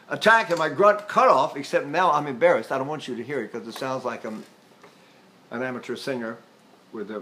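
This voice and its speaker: A man's voice: on the high side, a bit bright. An older man teaching singing in a chatty, self-mocking way, breaking into sung vowel demonstrations. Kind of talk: spoken vocal lesson with sung demonstrations.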